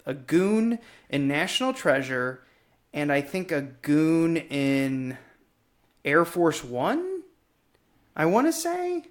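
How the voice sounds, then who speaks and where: A man in his thirties co-hosting a movie podcast, telling stories in a casual, profane, animated way. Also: on the high side, slow pace. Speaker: podcast co-host.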